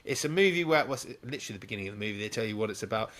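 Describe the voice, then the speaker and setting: A man hosting a podcast, talking about films in a chatty, loose and excitable way. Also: lowish voice, very fast. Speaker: podcast host. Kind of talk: casual film discussion.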